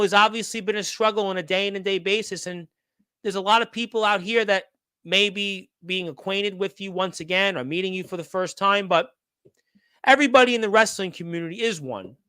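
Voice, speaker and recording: A man's voice: sits high, pushed and bright, clean tone, dry recording. A man hosting a sports radio show, talking in a rambling, encouraging way and repeating himself. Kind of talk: casual podcast chat.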